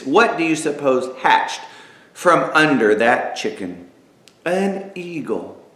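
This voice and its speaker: A man narrating an inspirational story aloud, dramatic and lively, with spoken sound effects. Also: mid-range voice. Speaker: author and narrator. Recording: echoey room.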